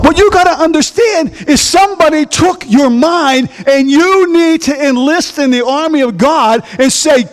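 Very high-voiced animated male preacher. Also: normal speed, slight background noise. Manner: quizzes the congregation with fill-in questions; animated, bursts into shouts. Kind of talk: sermon.

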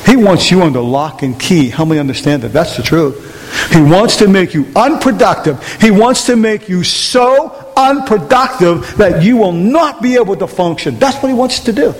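High-voiced man preaching in echoing hall. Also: expressive, moderate pace. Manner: emphatic, repeats rhetorical questions to the congregation. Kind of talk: sermon. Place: large room with an audience. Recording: long hall reverb, faint hiss.

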